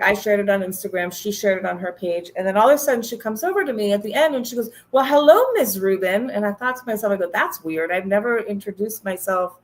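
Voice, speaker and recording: A woman guest on a panel tells a personal story in a relaxed, chatty way. She gets animated and acts out the people she quotes. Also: medium pitch. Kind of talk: storytelling in casual chat.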